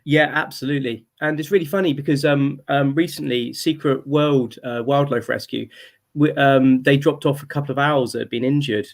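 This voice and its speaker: A man being interviewed about his conservation project, talking in a relaxed, chatty way and laughing easily. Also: mid-range voice, moderate pace, creaky. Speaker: interview guest, founder of a conservation comic project. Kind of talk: casual interview chat.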